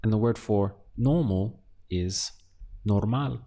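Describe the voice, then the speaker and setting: Man, language teacher, unhurried, patient, dark mellow voice. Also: lowish voice. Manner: calm, patient, pauses for listener to answer. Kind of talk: slow, deliberate language lesson.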